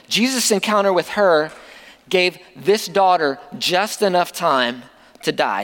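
High-voiced pastor in a hall. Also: male voice, fairly bright tone. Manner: conversational preaching with rhetorical questions. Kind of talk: sermon.

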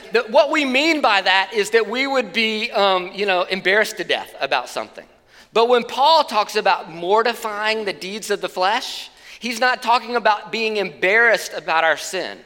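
Bright high-voiced preacher in a big hall. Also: male voice. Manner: conversational, plain-spoken preaching with asides. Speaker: pastor. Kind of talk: sermon.

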